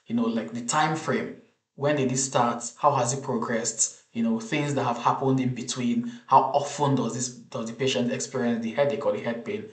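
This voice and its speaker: A man teaching an exam case over slides, in a measured, explanatory way with frequent restarts. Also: mid-range voice. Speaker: medical exam tutor. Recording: roomy echo.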